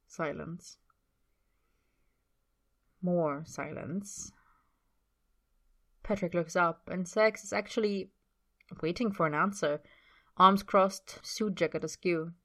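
Low-voiced woman reading a story. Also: slow, pauses often, a bit bright. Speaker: story reader.

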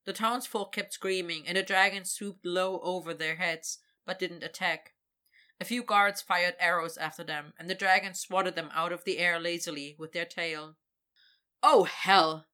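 Female storyteller, bright tone, expressive read-aloud delivery. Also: fairly low pitch, normal speed. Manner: expressive, voices characters. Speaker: narrator. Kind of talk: reading a fantasy story aloud.

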